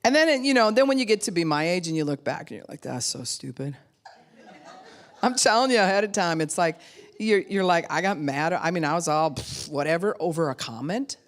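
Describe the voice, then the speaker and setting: A middle-aged woman pastor giving a sermon in a conversational, animated way, acting out quotes and laughing often. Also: fairly low pitch, fast.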